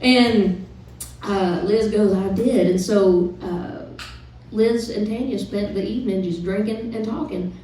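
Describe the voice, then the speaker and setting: A woman singer-songwriter chatting with the audience between songs, telling a story in a relaxed, rambling way with plenty of fillers. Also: mid-range voice, unhurried, slight background noise. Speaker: singer-songwriter performing live. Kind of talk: casual stage banter between songs. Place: live music club stage. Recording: very echoey live room from a distant mic.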